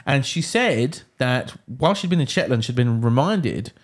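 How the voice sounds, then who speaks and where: A man hosting a podcast, laid back and a little halting as he sets up the episode. His voice sits at an ordinary middle pitch. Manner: relaxed, hesitant, with many fillers. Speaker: podcast host. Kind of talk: casual chat.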